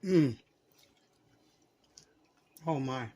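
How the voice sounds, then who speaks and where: A woman hosting a casual cooking vlog in her home kitchen, chatting to viewers as she cooks and tastes, sometimes dropping to soft murmurs over the food. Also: rumbling low, drawn-out words. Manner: chatty, talks to viewers while cooking and tasting. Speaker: home cook and channel host.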